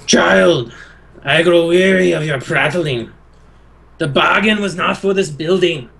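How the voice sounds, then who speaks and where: A man voicing a weary, contemptuous ancient dragon with a harsh, booming voice. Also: measured pace, creaky, fairly bright tone, husky, full character voice.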